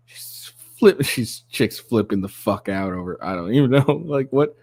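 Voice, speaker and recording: A man's voice: lowish voice, animated, normal speed, hardly any pauses, a little mellow, husky, no echo. Crude, giggly man reacting dry. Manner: crude, mocking, giggly, rambling. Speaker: commentary channel host. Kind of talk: casual reaction commentary.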